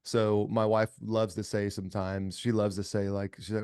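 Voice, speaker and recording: A man's voice: lowish voice, flat delivery, moderate pace, darkish tone, clear, resonant tone. A middle-aged man speaking as a podcast guest, earnest and emphatic, often restarting his words. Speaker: podcast guest, company cofounder. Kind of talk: casual conversational interview.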